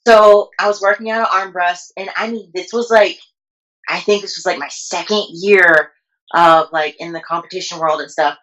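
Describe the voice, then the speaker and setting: A woman's voice: lowish voice, normal speed, poor audio. Fitness coach lady, bit of a texan accent, chatty and slangy, tells stories with energy. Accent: slight Texan. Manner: animated storyteller, slangy. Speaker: fitness coach and bodybuilder guest. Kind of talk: casual interview chat.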